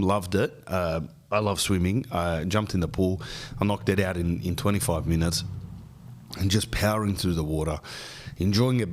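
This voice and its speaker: Brief: forties male podcast host, joking and rambling, lower pitch. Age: 40s. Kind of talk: casual rambling monologue.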